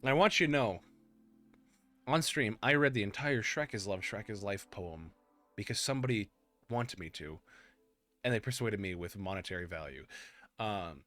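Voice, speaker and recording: Bright-voiced excitable male streamer. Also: on the low side, faint music behind. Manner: excitable, rambling, quick to laugh. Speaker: streamer host. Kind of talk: casual stream chat.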